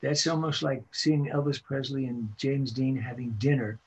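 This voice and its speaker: A man in his seventies, a veteran voice actor, telling animated show-business anecdotes during a casual interview. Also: mid-range voice, normal speed, slight background noise, poor audio. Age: 70s. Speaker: voice actor guest.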